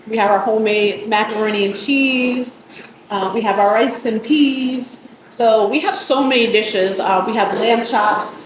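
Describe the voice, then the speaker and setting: A woman from the Bronx, a restaurant owner and cook, talking casually and proudly about her food in her restaurant, with many ums. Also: medium pitch. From the Bronx, New York. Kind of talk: casual interview. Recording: echoey room with background noise.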